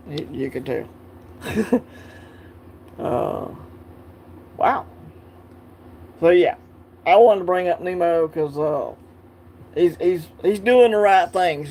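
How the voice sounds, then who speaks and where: A Southern man from Alabama, his voice pitched a touch high, rambles through a casual coin-collecting livestream. He laughs often and chats straight back to his viewers, with a faint hiss of noise behind him. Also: a little mellow.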